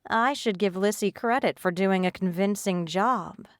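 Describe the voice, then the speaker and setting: A woman's voice: mid-range voice, no echo, clean studio sound, natural voice. A woman putting on a purring sinister mermaid. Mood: menacing. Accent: rolling foreign-sounding lilt. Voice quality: purring, slow and menacing.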